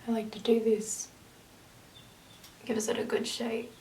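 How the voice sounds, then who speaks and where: A woman's voice: fairly high pitch, little pitch movement, takes it slowly, darkish tone. A woman chatting casually through a makeup tutorial, rambling into asides as she works. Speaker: makeup vlogger. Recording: roomy, distant camera audio with faint hiss.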